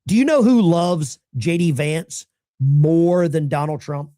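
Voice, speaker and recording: A middle-aged man hosts a live call-in show in a casual, rambling style. His pitch rises and falls freely, and the dry, close sound carries no room echo. He never stops talking. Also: slow. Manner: animated, chatty, rambling. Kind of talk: casual livestream talk.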